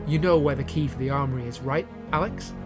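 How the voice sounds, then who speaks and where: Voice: mid-range voice, fast talker, music in the background, lightly acted. A reader voicing a bossy older brother who talks in an urgent, commanding way.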